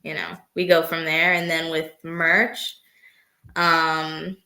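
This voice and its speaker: A woman with a lowish voice talks casually as an interview guest, leaning on "like" and "um." Her voice rings in an echoey room. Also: flat delivery, slow, pushed and bright. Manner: easygoing, heavy use of "like" and "um". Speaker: guest wrestler.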